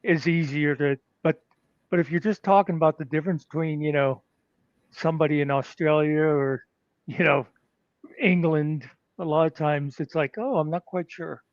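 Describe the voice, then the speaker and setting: A man's voice: on the high side, steady tone, moderate pace, dry recording. A man co-hosting a casual chat, rambling with fillers and chuckling often. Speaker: podcast co-host. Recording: slightly muffled dry audio.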